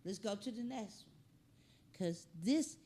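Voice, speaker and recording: A woman's voice: medium pitch, measured pace. Joking woman host riffing on clips. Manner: animated, joking, slangy. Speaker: comedy show host. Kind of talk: comedic reaction commentary.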